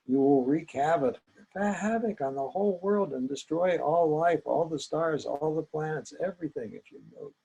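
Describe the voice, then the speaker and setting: An older man, a psychologist, gently recounting a memory from his training, with small hesitations. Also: on the high side, a little slow, husky, dull audio. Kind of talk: personal storytelling.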